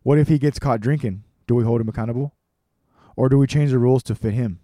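A man's voice: mid-range voice, fast talker, mellow, no echo, studio quality, close to an everyday voice. A man voicing an irascible 78-year-old baseball coach who barks questions at a crowd of coaches. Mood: gruff lecturing. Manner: barking, bellowing questions at a crowd.

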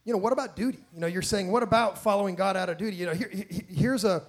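A man preaching a sermon from a stage, emphatic and animated, with frequent restarts and rhetorical questions. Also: high voice, quick pace.

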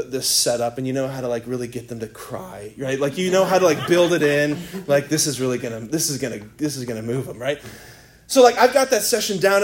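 A man preaching a sermon as a priest, telling a story in a casual, rambling way full of "like" and "right?". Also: a little high. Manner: conversational storytelling, filler-heavy. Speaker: Catholic priest.

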